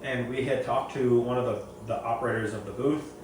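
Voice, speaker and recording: A man talks casually about the reef aquarium hobby. He rambles and doubles back on his words. His voice sits at an ordinary pitch and is heard from across a very reverberant room with faint background hiss. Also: fairly even intonation, fairly quick. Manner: rambling, repeats and restarts phrases. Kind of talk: casual opinionated storytelling. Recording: very echoey room, far from mic, faint noise.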